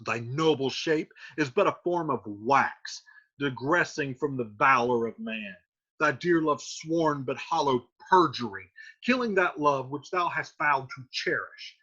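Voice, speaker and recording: A man's voice: medium pitch, lively intonation, a little slow, sharp tone, husky, dull audio, full character voice. A man voicing a stern, reproachful older friar who scolds a young man in a dramatic play reading. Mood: stern scolding.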